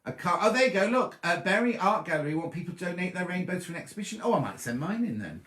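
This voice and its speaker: A man's voice: high voice, sing-song, fast talker, fairly bright tone, roomy sound. A man hosting a casual sewing live stream from his bedroom, rambling chattily and answering viewers by name, a little throaty. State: slightly throaty. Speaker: sewing show host. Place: bedroom at home.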